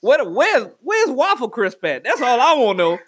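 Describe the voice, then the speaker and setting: A man's voice: extremely high pitch, wildly swooping pitch, moderate pace, fairly bright tone. A man on a crude comedic rant, bluntly giving mock advice to his listeners. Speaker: comedic ranter.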